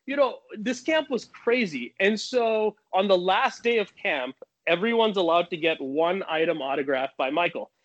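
A man telling a long personal story in casual talk, animated, with many restarts. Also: sits high, normal speed, highs cut off.

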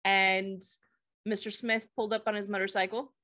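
A woman co-hosting a casual chat, telling school stories in a blunt, animated way with casual swearing. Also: medium pitch, moderate pace. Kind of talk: casual chat, personal storytelling.

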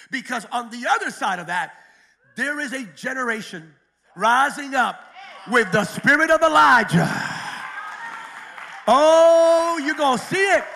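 A man preaching a sermon in a church, swinging from quiet storytelling to shouted, fired-up climaxes. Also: very high voice, vocal fry. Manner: preaching with sudden shouted climaxes and acted-out quotes. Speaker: pastor.

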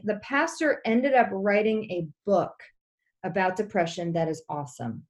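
A woman's voice: medium pitch, expressive, moderate pace. Earnest woman telling her story. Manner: earnest, heartfelt, many restarts. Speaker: guest, pastor's wife. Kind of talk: personal storytelling in a podcast interview.

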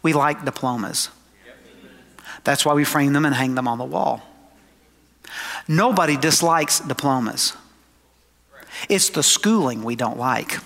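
A man preaching a sermon to his congregation, emphatic, slowing down for quoted scripture and dropping into conversational asides. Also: mid-range voice, vocal fry, a bit bright. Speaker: pastor. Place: church sanctuary. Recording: long hall reverb.

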